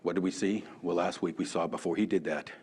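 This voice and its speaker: Male Sunday school teacher, low voice, lively and conversational, addresses the class by name. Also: fast talker, a little hiss or hum. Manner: animated, chatty, calls on class members by name. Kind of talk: conversational sermon. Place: church classroom.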